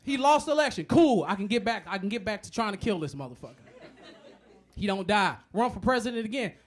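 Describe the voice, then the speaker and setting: A man doing a stand-up comedy set, profane and animated, acting out the voices of other people. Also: sits high, fast.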